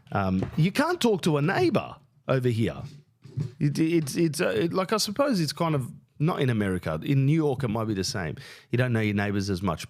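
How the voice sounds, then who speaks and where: A man with an Australian accent hosting a podcast, telling a rambling, crude, self-mocking story, his pitch jumping up when he gets worked up. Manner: crude, self-mocking, lots of fillers and restarts. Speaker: podcast host and stand-up comedian. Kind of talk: casual rambling monologue.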